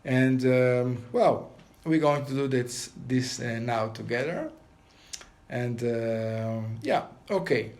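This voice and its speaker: A man leading a guided meditation, giving calm step-by-step breathing instructions. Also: medium pitch, slow.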